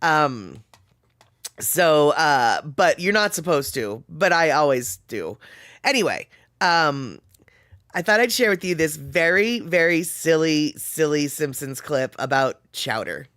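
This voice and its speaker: A woman's voice: low voice, big pitch swings, slow pace, a bit bright. A woman hosting a live stream, chatting casually and rambling with lots of fillers. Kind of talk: casual chat.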